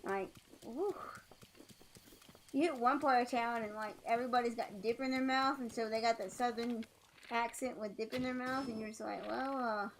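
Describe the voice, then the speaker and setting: A woman's voice: fairly high pitch, normal speed, a little hiss or hum, low-quality recording. A woman streamer chatting casually while she plays, rambling with many fillers and restarts. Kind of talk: casual chat while gaming.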